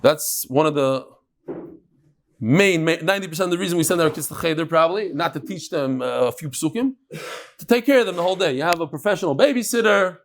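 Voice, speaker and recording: A man's voice: fairly high pitch, fast. A man teaching a live Talmud class, bantering with his listeners and mixing Yiddish and Hebrew terms into his talk.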